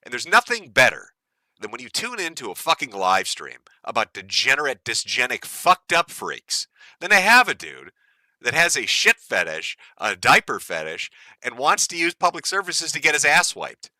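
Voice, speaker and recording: A man's voice: medium pitch, huge pitch swings, normal speed, sharp tone, dry recording, studio quality. A man from the United States hosting a live stream, ranting in a profane, mocking and gleeful way. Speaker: stream host.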